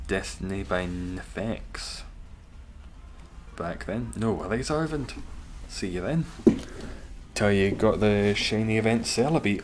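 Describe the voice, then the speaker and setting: A man's voice: fairly low pitch, slight background noise. A young man hosting a live game stream, chatting casually, answering chat and teasing viewers with dry humor. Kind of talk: casual live-stream commentary while gaming.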